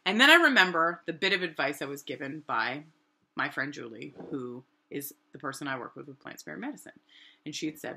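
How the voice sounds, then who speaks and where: Animated low-voiced woman storyteller. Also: brisk, gravelly, breathy edge. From New Hampshire, USA. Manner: animated, rambling, many "like" fillers, acts out quotes. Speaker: artist and vlogger. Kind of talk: casual personal storytelling.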